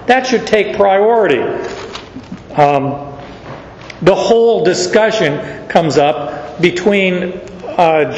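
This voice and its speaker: A male pastor preaching a sermon, teaching slowly through Bible verses with chuckles. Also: high voice. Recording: echoey church hall, dull sound, faint noise.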